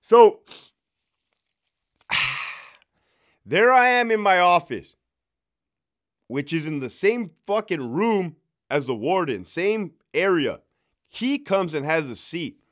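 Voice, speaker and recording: A man's voice: sits high, takes it slowly, long pauses. A man and former prison officer telling a casual, profane story, laughing as he goes. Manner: animated, profane, laughing as he tells it.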